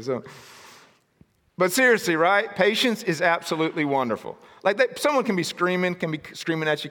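A man preaching a sermon in a casual, jokey storytelling way, breaking into shouted outbursts. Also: sits high, big-room sound. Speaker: pastor.

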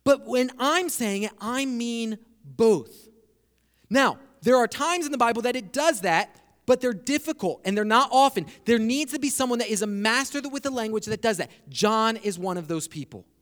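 High-voiced preacher in a reverberant hall. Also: male voice, animated, a bit bright. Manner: expository preaching, slows down for emphasis. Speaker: pastor. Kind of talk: sermon.

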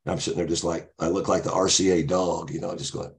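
A man in his sixties tells a family story in a very deep, low voice. He rambles casually, looping back with frequent asides. He talks as a relaxed podcast guest. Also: fast talker, gravelly. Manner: rambling, many "you know" asides.

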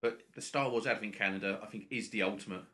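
A man's voice: fairly low pitch, quick pace, pushed and bright. A man co-hosting a podcast, chatting casually with cheeky banter. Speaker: podcast co-host. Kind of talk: casual comedic chat.

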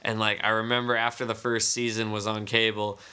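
A man's voice: lowish voice, little pitch movement, fairly quick, bright, forceful tone, smooth. A man in his thirties co-hosting a casual podcast chat, telling stories with plenty of profanity. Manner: profane, storytelling. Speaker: podcast co-host.

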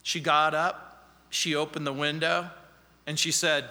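A man's voice: on the high side, flat delivery, measured pace, pushed and bright, in a large hall. A man preaching a sermon as pastor, emphatic and fond of repeating key phrases. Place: church.

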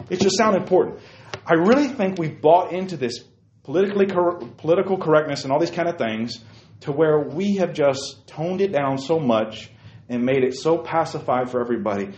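A man hosting casual opinion talk, emphatic, swinging from quiet explaining to loud bursts. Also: fairly high pitch, lively intonation, moderate pace, a little hiss or hum. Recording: roomy, dull lo-fi sound.

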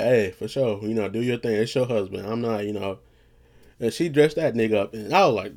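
A man talking casually on his own vlog in a loose, rambling way, often saying "you know what I'm saying". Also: fairly quick. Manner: low monotone voice that he says he projects; loose, restarting, swears casually. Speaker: vlogger; retail worker.

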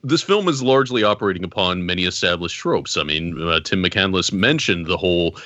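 A man co-hosting a podcast, giving a measured, articulate take on a film. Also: deep voice, expressive, sharp tone, no echo, muffled recording. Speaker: podcast co-host. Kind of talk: casual film discussion.

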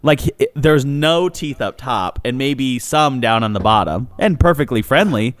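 A man on a podcast telling a story in a relaxed, chatty way, his voice leaping up and down as he acts out the people in it. The sound is close and dry, with no room around it. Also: mid-range voice, unhurried, dry recording. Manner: animated storyteller, acts out quotes, laughs often. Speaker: podcast co-host. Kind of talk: casual chat, storytelling.

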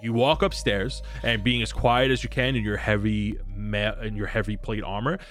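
A man's voice: lowish voice, little pitch movement, normal speed, a bit bright, soft background music. Male game master narrating a tabletop game. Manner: playful, voices many characters.

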